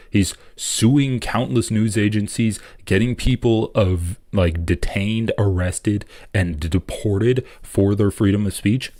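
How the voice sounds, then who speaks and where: A man hosting a live political stream, reading an article aloud and breaking off into profane, animated reactions. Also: fairly low pitch, no echo, clean studio sound.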